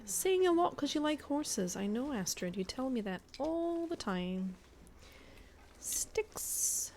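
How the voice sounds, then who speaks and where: Gravelly woman streamer in a put-on Scottish accent. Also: sits high, sing-song, slow pace, a little mellow, a little hiss or hum. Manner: chatty, self-mocking, thinking aloud. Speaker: guest streamer. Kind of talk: casual gameplay commentary. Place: home.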